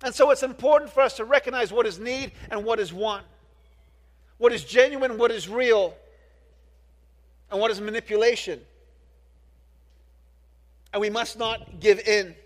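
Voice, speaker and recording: High-voiced pastor preaching in a reverberant hall. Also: male voice, unhurried, pauses often. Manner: earnest, often restarts words and asks the congregation questions. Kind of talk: sermon. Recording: long reverb of a large hall.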